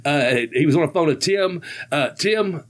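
A podcast host in his fifties tells road stories in a casual storytelling chat, rambling, laughing often, and using loose colloquial grammar. His voice is a little high and he speaks at a moderate pace.

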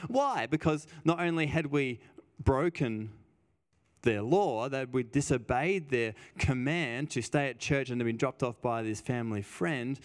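A man preaching a sermon in a conversational way, stressing points by repeating phrases and telling personal stories. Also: medium pitch. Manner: emphatic, repeats phrases for weight.

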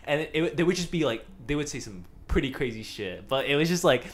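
A man's voice: fairly high pitch, lively intonation, fast. Young man, podcast guest, laid-back, swears often, laughs while talking. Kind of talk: casual chat.

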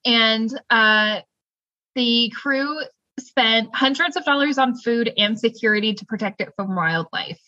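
Bright-voiced woman recapping a show. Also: fairly high pitch. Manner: lively storyteller, quick laughs. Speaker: podcast co-host. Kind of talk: casual TV recap chat. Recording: dull lo-fi dry sound.

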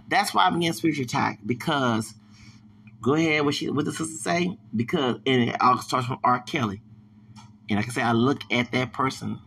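A man hosting a casual podcast monologue, animated and laughing, mimicking reactions with sudden shrieks. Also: on the high side. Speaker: podcast host.

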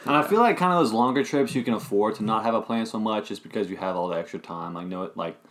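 Lower-voiced man, hesitant casual talk. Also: fast talker, fairly bright tone. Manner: hesitant, lots of ums and likes. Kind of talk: casual chat.

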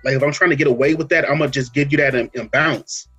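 A man hosting a podcast, talking through a story in a relaxed casual way, full of fillers and asides. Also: medium pitch, quick pace, breathy edge, faint music behind. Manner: relaxed storytelling, many fillers and "you know what I'm saying". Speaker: podcast host. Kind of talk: casual chat.

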